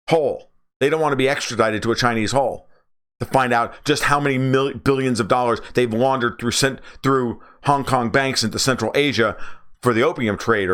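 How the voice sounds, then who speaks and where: A middle-aged American man hosting a livestream. He rants with exasperation and swears freely. His voice sits at an ordinary middle pitch. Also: fairly bright tone. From United States. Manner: angry, exasperated rant with frequent profanity. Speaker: political commentator. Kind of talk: livestream monologue.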